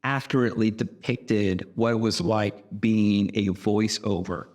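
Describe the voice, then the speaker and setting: A man's voice: fairly low pitch, measured pace. A man hosting a show while cutting his guest's hair, telling rambling stories and acting out what people said. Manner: animated storytelling, rambling, acts out quotes. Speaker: host and hairstylist. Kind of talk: casual chat.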